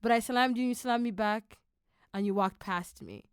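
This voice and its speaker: A woman podcast host recalling a shared memory in an animated, rambling, emotional way. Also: a little high, brisk, clear, resonant tone, no echo, studio quality. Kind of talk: conversational interview.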